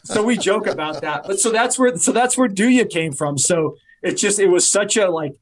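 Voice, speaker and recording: A man in his forties, a wrestler guest on a podcast, telling a story in lively casual chat and acting out the voices of the people in it. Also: high-pitched, moderate pace, a little hiss or hum. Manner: animated storyteller who acts out quoted voices.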